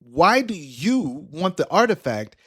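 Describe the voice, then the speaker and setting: A man's voice: a little high, big pitch swings, slow pace, slightly rough, no echo, clean studio sound, pitched above the performer's own voice, heavily acted. A man voicing a skeptical, sarcastic young woman working as a museum night guard. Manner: incredulous, sarcastic.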